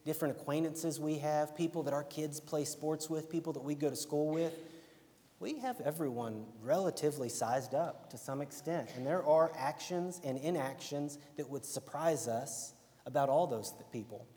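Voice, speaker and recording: Speaking at normal speed in a fairly high, warm voice, this young Alabama-accented man preaches in a relaxed, chatty way. "Right?" comes up again and again, and the room carries a long hall reverb.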